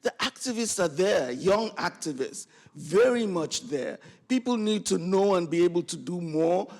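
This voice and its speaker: Earnest man with a fairly high voice. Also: expressive, moderate pace, gravelly. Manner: earnest, urgent advocacy. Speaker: panelist. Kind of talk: panel discussion remarks.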